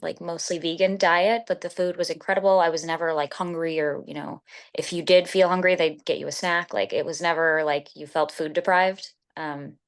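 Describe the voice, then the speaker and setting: Woman, retreat guest, casual interview, lowish voice, rambling, filler-heavy. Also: fairly even intonation, normal speed. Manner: rambling, full of "like" and restarts. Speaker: retreat guest giving a testimonial.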